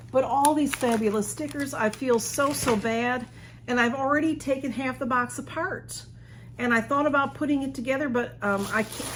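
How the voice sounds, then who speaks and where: Gushing woman, slightly high voice. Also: background noise. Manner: gushing, flustered, chatty. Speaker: unboxing vlogger. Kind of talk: casual chatty unboxing.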